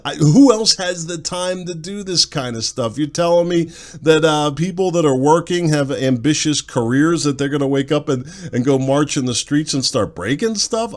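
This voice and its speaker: A man hosting a talk podcast, giving a blunt, sarcastic opinion monologue full of rhetorical questions. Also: medium pitch. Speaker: podcast talk show host.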